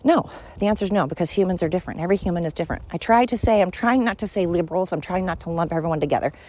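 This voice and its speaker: A woman's voice: fairly low pitch, racing, darkish tone. A woman hosting a podcast alone, talking in a blunt, opinionated and rambling way. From Sweden. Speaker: podcast host. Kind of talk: casual solo monologue.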